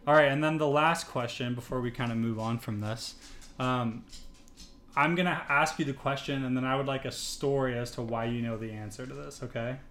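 A man's voice: medium pitch, fairly quick, fairly bright tone. A man hosting a casual podcast interview, easygoing and encouraging as he asks questions. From United States. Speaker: podcast host. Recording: echoey room with faint noise.

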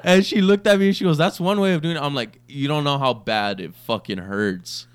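A young man with a smooth, resonant voice tells a rambling story on a podcast, swearing freely. He acts out each quoted line with lively energy. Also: fairly high pitch, fairly quick. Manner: profane, animated storyteller acting out quotes. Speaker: podcast co-host. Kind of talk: casual storytelling.

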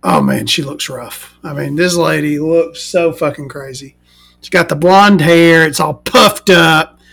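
A woman's voice: low voice, lively intonation, unhurried, vocal fry, a bit bright, breathy edge. A woman vlogger telling a story in a casual rant, sarcastic, profane and mocking.

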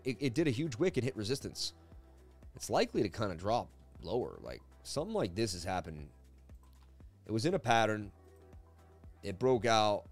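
A man hosting a casual live stream of crypto chart analysis from his seat at a desk, talking in an energetic, rambling, jokey way. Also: mid-range voice. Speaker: crypto market analyst host. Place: seated at a desk indoors.

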